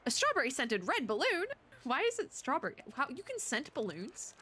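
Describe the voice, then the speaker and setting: A woman's voice: high-pitched, normal speed. Bubbly young woman gushing over a game. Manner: excitable, gushing, giggly. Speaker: VTuber gamer. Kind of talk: let's play commentary.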